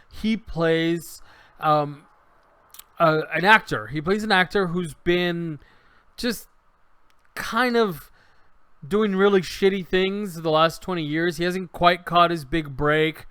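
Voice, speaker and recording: Bright, animated storytelling man. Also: a little high, slow, clean tone, no room sound. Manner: animated storyteller, acts out quotes, many restarts. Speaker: podcast co-host reviewing a show. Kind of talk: casual chat.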